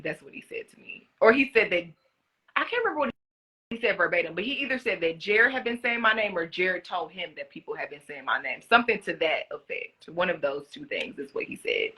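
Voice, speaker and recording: A young woman in casual live-stream chat, answering fan questions about being a reality show contestant, talking in an animated way with many fillers. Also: lowish voice, moderate pace. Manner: chatty, animated, lots of "like" fillers. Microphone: phone.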